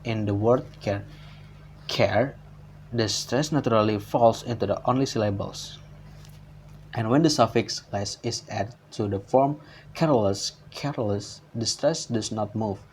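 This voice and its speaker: Guy reading his class slides, lowish voice, lots of uh and restarts, bit of background hiss. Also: a little mellow. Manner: halting, frequent uh fillers and restarts. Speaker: student presenter.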